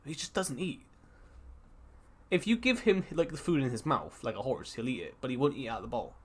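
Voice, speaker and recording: A man's voice: mid-range voice, expressive, a little fast, breathy edge. A man co-hosting a casual podcast over an online call, rambling with many restarts and swearing. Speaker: podcast co-host. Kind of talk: casual chat.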